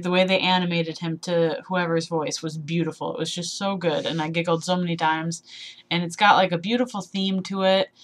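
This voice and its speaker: A woman's voice: lowish voice, a bit bright. A twenty-one-year-old woman chatting casually in a vlog, rambling and laughing at herself, slightly sleep deprived. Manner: rambling, self-deprecating, giggly. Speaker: vlogger. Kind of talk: casual tag video chat.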